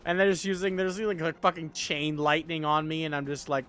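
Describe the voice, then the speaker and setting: A sleepy man chats loosely on a game livestream, rambling and swearing as he goes. His voice sits slightly high. Faint game music runs underneath. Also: fast, a bit bright. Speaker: gaming streamer. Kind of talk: casual game livestream chat.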